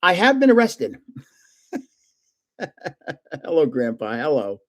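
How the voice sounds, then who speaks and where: An older man hosts a relaxed live stream. His voice sits a little higher than most men's. He rambles through stories and chuckles often as he talks. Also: slow pace. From North Jersey, United States. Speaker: livestream host. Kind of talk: casual live-stream chat and storytelling.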